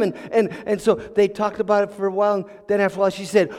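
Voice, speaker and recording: A man's voice: sits high, flat delivery, fairly quick, darkish tone. A man telling a story as a sermon, chuckling and often repeating words while searching for them. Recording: long hall reverb.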